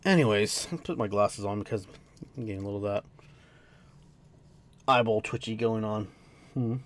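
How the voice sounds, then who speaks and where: A man's voice: fairly low pitch, normal speed. Tired young man reacting casually. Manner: casual, swears, laughs, easily sidetracked. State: tired after work. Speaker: manga reader and reactor. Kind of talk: casual read-along reaction. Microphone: dry home mic.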